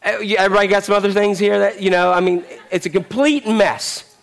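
A man's voice: high voice, fairly even intonation, fairly quick, vocal fry. A man preaching a sermon, telling a story animatedly and acting out the characters. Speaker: pastor.

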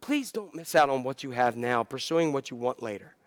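Conversational preacher man, smooth dry voice. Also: mid-range voice, animated, fairly quick, no echo. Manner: conversational, self-deprecating, building to impassioned. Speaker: pastor. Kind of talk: sermon.

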